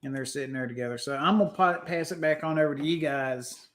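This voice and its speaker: A man narrating as game master of a tabletop game, in a relaxed, loose storytelling manner. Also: on the high side, fast.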